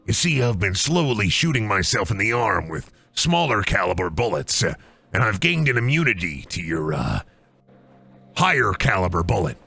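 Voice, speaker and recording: A man's voice: lowish voice, sing-song, moderate pace, creaky, pushed and bright, husky. A man streaming a game, rambling and joking about wrestling in casual commentary. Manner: rambling, jokey, riffs on wrestling bits. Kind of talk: casual let's-play commentary.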